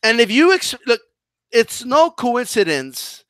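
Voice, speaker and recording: Man streamer, lively and bright-toned, unhurried mocking rant, dry close sound. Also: very high-pitched, smooth, no room sound. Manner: animated, mocking, combative rant with restarts. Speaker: boxing commentary channel host. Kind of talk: live-stream commentary reading chat.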